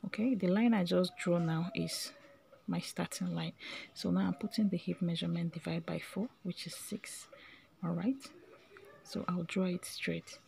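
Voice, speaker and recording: A woman's voice: on the low side, steady tone, normal speed, vocal fry, a little mellow, a little hiss or hum. A woman giving a casual step-by-step sewing tutorial, chatty and often checking in with "okay?", her voice breaking into a whisper at times.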